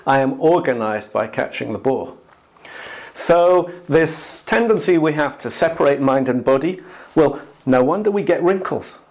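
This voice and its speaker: A man from the UK explains body technique straight to camera in an unhurried, conversational way. His voice sits at an ordinary middle pitch. He pauses to gather thoughts and now and then slips into playful acted-out inner voices. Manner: acts out inner voices with raised, lively pitch; relaxed, thinking aloud with ums and restarts. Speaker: Alexander Technique teacher and author. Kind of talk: casual instructional monologue to camera.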